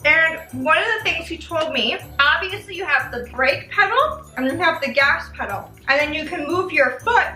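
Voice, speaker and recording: A young woman vlogger telling a personal story in a casual, animated way, swearing freely. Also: high-pitched, moderate pace, hardly any pauses. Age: young adult. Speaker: vlogger host. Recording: roomy, slightly distant mic, faint music.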